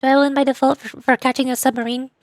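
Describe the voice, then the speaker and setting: Quick and high-pitched with little pitch movement, a young woman gives casual commentary while streaming a game. She reads dialogue aloud, chats playfully, and often drifts into confused asides, with no room sound audible.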